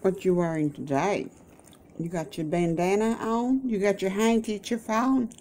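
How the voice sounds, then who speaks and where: A woman's voice: medium pitch, measured pace, darkish tone, slight background noise. A woman chatting in a folksy, chatty way at her kitchen table, with religious asides. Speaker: vlogger caring for her mother. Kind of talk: casual chat. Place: home kitchen, breakfast table.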